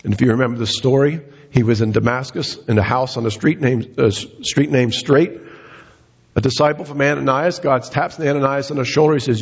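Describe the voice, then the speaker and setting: In a reverberant hall, captured on a dull lo-fi recording, a male pastor briskly delivers a sermon. His medium-pitched, breathy-edged voice tells the story earnestly, then rises to passionate emphasis.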